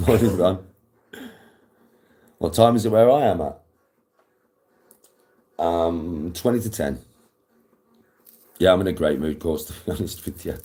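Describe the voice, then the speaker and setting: Lowish-voiced young guy, chirpy and rambling, lots of swearing, casual live chat. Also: unhurried, pauses often, warm tone. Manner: chirpy, rambling, laughs at his own jokes, heavy swearing. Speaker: live streamer.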